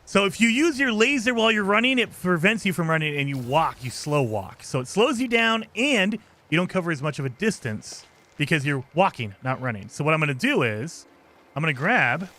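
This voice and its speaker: A man's voice: on the high side, sharp tone. A man streaming a game, chatting and explaining his moves as he plays, grumbling when things go wrong. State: out of breath at times while running. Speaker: gaming streamer. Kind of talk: casual gameplay commentary.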